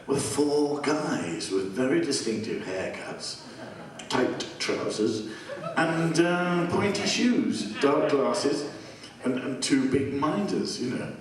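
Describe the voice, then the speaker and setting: An older man with an English accent, a guest musician telling animated stories and acting out the voices of people in them. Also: mid-range voice, slow. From England. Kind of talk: anecdotal storytelling. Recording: distant mic with noisy ambience.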